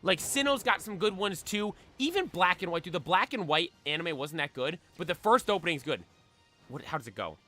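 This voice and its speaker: A young man streaming casually, chatting excitedly and belting out theme songs. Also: high voice, fairly quick, soft background music. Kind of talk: casual chat while shiny hunting.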